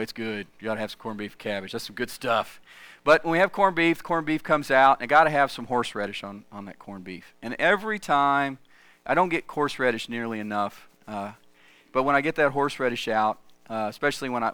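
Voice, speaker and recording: A middle-aged man preaching a sermon, mixing scripture with lively, conversational personal stories. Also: mid-range voice, smooth, dry recording. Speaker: pastor.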